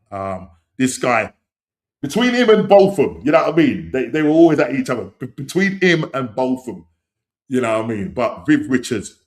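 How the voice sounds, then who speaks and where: A middle-aged man hosting a casual live-stream chat, rambling and leaning on "you know what I mean", with sudden excited outbursts. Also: medium pitch. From England. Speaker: podcast host.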